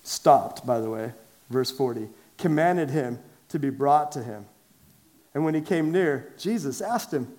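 A man preaching to a large church congregation, conversational and lively, asking them direct questions and raising his voice for emphasis. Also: on the high side, a little slow. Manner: lively and conversational, swings from quiet asides to loud emphatic calls. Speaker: pastor. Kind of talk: sermon. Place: large church sanctuary with a downstairs.

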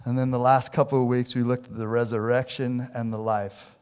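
A man's voice: mid-range voice, little pitch movement, brisk, a little mellow, smooth. A middle-aged man preaching a sermon as pastor in a conversational way, acting out quoted lines with shifts in voice.

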